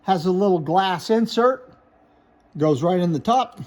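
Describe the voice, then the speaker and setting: A man's voice: sits high, lively intonation, measured pace, darkish tone. A man showing glass pieces for sale, listing names, flaws and prices in a plain, matter-of-fact way. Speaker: glass seller. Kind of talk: product showcase sales talk.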